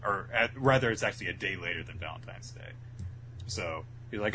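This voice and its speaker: A man co-hosting a casual podcast, recapping a manga in a laid-back way and slipping in quick voiced asides for the characters. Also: on the low side, animated, a bit bright, slight background noise, poor audio. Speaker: podcast co-host.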